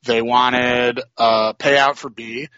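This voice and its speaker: A man hypes his tournament in upbeat casual talk. His voice is bright and forward. The line sounds muffled and dry. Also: medium pitch, flat delivery, slow, smooth, no echo. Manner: upbeat promotional hype. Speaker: tournament organizer. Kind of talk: casual chat.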